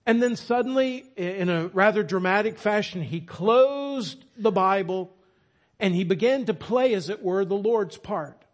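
A man's voice: high voice, unhurried. A man preaching a sermon, with emphatic, dramatic storytelling. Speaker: pastor.

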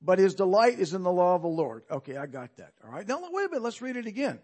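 Husky-voiced man preaching a lively sermon. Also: sits high, quick pace. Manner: conversational, emphatic, asks rhetorical questions.

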